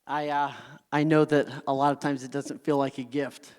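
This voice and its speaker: A man's voice: a little high, level tone, moderate pace, a little mellow, clear, resonant tone. Earnest man speaking in a reverberant hall. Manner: earnest, keeps checking in with the audience; heartfelt personal storytelling. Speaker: motivational speaker. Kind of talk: motivational talk to a live audience.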